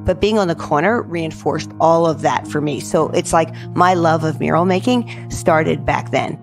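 A middle-aged woman from New Jersey, a guest telling stories in an animated, chatty way, often saying "like". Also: low-pitched, moderate pace, music in the background. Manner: lively, says "like" often, acts out quoted dialogue. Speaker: guest, public art director. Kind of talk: animated storytelling in casual chat.

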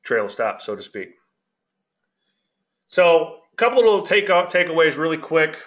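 A middle-aged market analyst hosts a casual trading commentary show, gregarious and rambling, often cutting himself off mid-sentence. His voice is a little high, bright and very animated at a normal speed, captured in dull, lo-fi audio.

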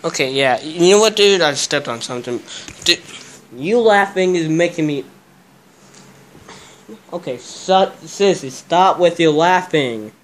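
Young man, slightly high voice, slow and drawn-out speech, agitated and swearing, faint background noise. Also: expressive, fairly bright tone. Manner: agitated, swears a lot, repeats himself. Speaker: vlogger. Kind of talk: casual vlog chat.

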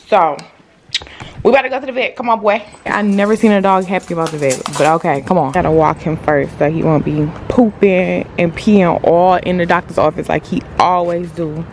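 A woman's voice: on the low side, a little hiss or hum. A young woman vlogging in a casual, swear-heavy chat, talking straight to the camera about her dog and her day.

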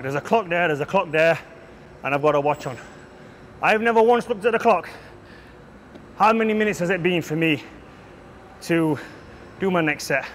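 A man's voice: high-pitched, fairly bright tone, slight background noise. A man coaching a gym workout, brash and profane, lecturing bluntly between heavy sets in a gym.

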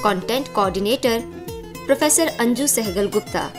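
Woman announcing credits over loud guitar. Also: a little high, moderate pace. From India. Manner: formal, even. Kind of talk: formal announcement. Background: loud guitar music.

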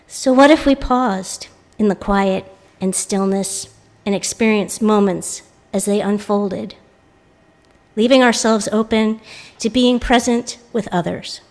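An American woman intern minister giving a reflective sermon, telling a personal story and voicing the people in it with lively quoted lines. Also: mid-range voice, takes it slowly. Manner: reflective, animated when quoting others. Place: church sanctuary.

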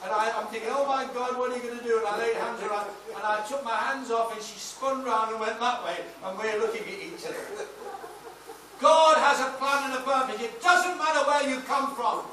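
Man, 60s, pastor. High, sharp, emphatic preaching delivery with storytelling; recorded at a distance in a booming church hall. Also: normal speed, noisy background. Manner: emphatic preaching with anecdotes and shouted praise. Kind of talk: sermon. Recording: echoey hall, mic off at a distance.

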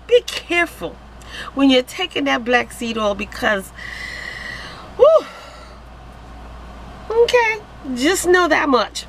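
A woman vlogging to camera in an excited, giddy way, exclaiming and laughing. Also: high voice, a little hiss or hum, poor audio. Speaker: vlogger selling wellness products. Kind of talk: excited casual vlog to camera.

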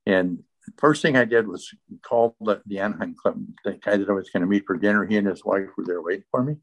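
Man, fairly low voice, earnest storyteller, detailed interview testimony. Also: quick pace, rough recording. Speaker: guest sharing a recovery testimony.

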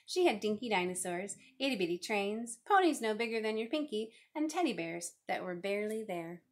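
Woman, picture-book read-aloud, expressive, lively storytelling. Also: medium pitch, a little fast, a little hiss or hum. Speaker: reader.

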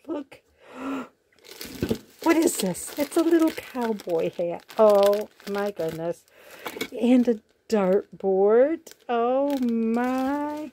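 A woman's voice: fairly high pitch, animated, extremely slow, warm tone, slight background noise. A woman vlogger chatting casually to her viewers as she unboxes a parcel, gasping and gushing with delight and calling things cute. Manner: gushing, gasps often with delight. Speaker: crafting vlogger.

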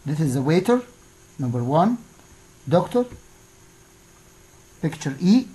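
A woman teaching an English lesson, reading out exercise answers one by one with pauses. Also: sits low, very animated, mellow, poor audio. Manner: slow, deliberate, pausing after each answer.

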